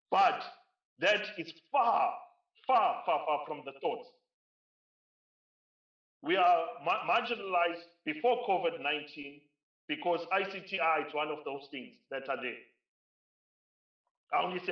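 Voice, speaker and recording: A man's voice: high-pitched, moderate pace. Emphatic South African man at a keynote. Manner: emphatic, repeats phrases for stress. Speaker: keynote speaker. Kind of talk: conference keynote speech. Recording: roomy, distant, dull lo-fi sound.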